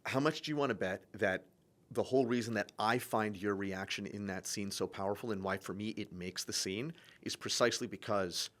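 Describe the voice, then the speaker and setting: A man's voice: fairly low pitch, brisk, a bit bright. A man talking casually on a podcast, reflective and acting out the lines he quotes. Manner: reflective, builds long arguments, acts out quoted lines. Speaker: filmmaker.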